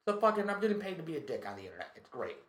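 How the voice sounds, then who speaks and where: A male comedian telling a story in casual chat, profane and animated, acting out what people said. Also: on the high side, very fast. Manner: profane, animated, tells stories with acted quotes. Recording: echoey room.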